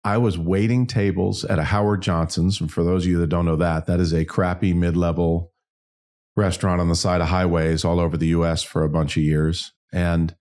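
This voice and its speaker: A man's voice: deep voice, a little mellow. A man in his fifties, an interview guest, telling a personal story in a frank, self-deprecating way. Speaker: interview guest, singer-songwriter and business owner.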